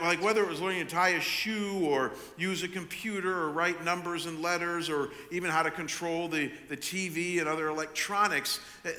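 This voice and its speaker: An older man preaches in a big church hall, his voice bright and ringing, a touch higher than most men's. He tells stories with frequent restarts and repeated little words. Long reverb trails behind every phrase. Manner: storytelling with many restarts. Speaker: pastor. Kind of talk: sermon.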